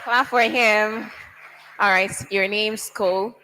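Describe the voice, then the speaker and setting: A woman hosting a youth event, lively and coaxing as she calls up students and introduces speakers. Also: mid-range voice, takes it slowly, big-room sound, slight background noise, rough recording. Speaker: master of ceremonies.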